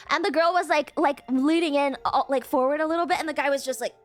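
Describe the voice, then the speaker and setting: A woman's voice: high-pitched, moderate pace. Young woman, streamer, casual chat, playful, lots of laughs, faint music behind. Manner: playful, animated, laughs often.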